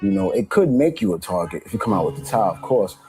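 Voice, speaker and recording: A man from Brooklyn recalling his childhood in a documentary interview, slow and reflective. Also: lowish voice, sing-song, creaky, mellow, faint music behind, poor audio.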